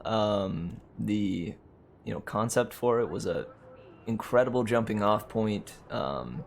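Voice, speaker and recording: Easygoing man chatting slowly with laughs. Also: on the low side, vocal fry. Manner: rambling, laughs often, many fillers and restarts. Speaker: streamer and host. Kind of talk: casual live-stream chat.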